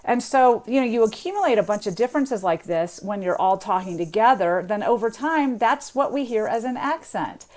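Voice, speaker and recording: A woman's voice: a little high, animated, moderate pace, few pauses, a little mellow. A woman, a linguist and author, explains on a radio interview in a chatty way, imitating accents as she goes.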